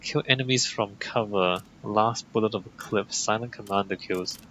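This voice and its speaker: A man's voice: fairly low pitch, normal speed, pushed and bright, a little hiss or hum, rough recording. Casual, joking gaming commentator man. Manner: casual, joking, reads text aloud. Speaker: gaming channel host. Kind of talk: let's play commentary.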